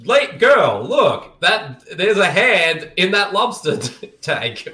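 Man, movie commentary, laughing often, lively pitch, roomy echo. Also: slow pace. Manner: laughs often, chatty and jokey. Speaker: podcast co-host. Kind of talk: casual movie commentary chat. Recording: echoey room.

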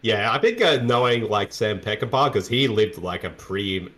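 A man's voice: on the low side, normal speed. A man co-hosting a casual movie commentary, joking and reacting to what is on screen. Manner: jokey and animated. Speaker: co-host.

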